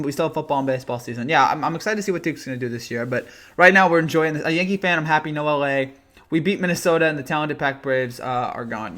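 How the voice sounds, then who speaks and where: A man's voice: fairly high pitch, fairly bright tone. A young man hosting a late-night sports live stream, tired, rambling and teasing as he answers chat comments.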